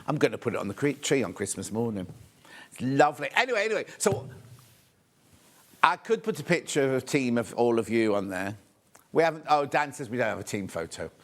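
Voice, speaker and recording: A man from the West Midlands of England hosting a live shopping show from a TV studio, talking in a chatty, rambling way with hurried asides. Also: medium pitch, lively intonation, fairly bright tone. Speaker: shopping channel host.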